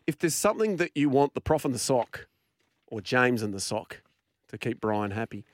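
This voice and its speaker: A man hosting casual sports radio, cheeky and joking in quick back-and-forth banter. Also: medium pitch, big pitch swings, no room sound, studio quality. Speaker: radio host.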